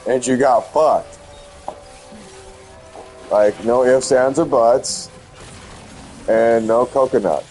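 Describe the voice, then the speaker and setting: A man's voice: mid-range voice, slow, long pauses, a little mellow, faint music behind, rough recording. A man chatting casually while playing a game, teasing his friend with profane banter. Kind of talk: casual chat.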